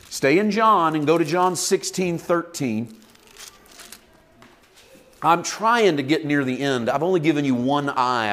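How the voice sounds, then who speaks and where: A man pastor preaching a conversational sermon with lively acted-out asides. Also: medium pitch. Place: church.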